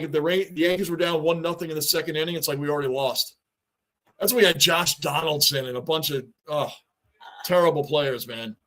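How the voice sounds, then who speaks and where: A man's voice: fairly high pitch, fairly bright tone. Chatty New man riffing on sports. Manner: talkative, reads and answers chat, repeats himself. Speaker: livestream host. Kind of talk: casual livestream chat.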